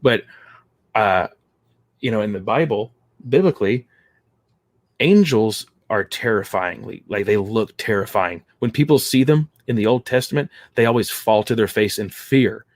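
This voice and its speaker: A man in casual podcast chat, telling a story haltingly with many fillers. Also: on the low side, animated, dry recording.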